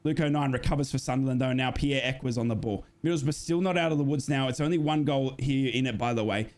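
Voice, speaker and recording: A man giving live, excitable football commentary as host, jokey and prone to shouting and gushing at big moments. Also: medium pitch, fast talker.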